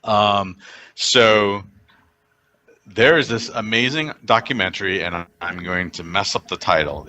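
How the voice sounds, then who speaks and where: A man with a fairly low but bright, forceful voice, chatting casually as a podcast co-host. He talks fast and tells stories with lots of animation. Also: dull audio. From India. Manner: fast-talking, animated storyteller. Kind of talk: casual chat.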